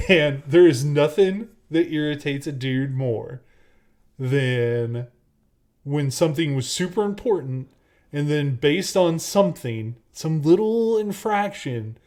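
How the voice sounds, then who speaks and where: A man's voice: a little high, lively intonation, slow. A man co-hosting a casual podcast, telling a story in a rambling way with lots of fillers and restarts. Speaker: podcast co-host.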